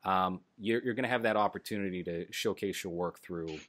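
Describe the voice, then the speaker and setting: A man's voice: sits low, brisk, fairly bright tone, no echo. A man in casual podcast chat, explaining at length with many fillers. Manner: rambling, filler-heavy explaining. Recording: dry close audio.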